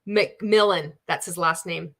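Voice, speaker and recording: A woman's voice: lowish voice, slow. A woman hosting a casual livestream, reading chat comments and giving blunt commentary that is full of swearing. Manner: candid and animated, laughs often. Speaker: livestream host.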